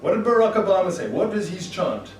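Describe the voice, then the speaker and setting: Animated male speaker in an echoey hall. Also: sits high, brisk. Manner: animated storyteller, acts out dialogue. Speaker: motivational speaker. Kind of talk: live presentation to an audience. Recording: echoey room, distant mic, faint noise.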